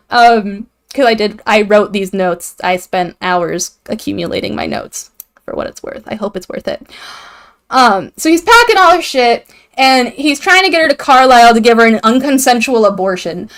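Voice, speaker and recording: Young woman, high voice, comedic recap, irreverent, profane, acts out characters' lines. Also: sing-song, normal speed, fairly bright tone. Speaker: video host.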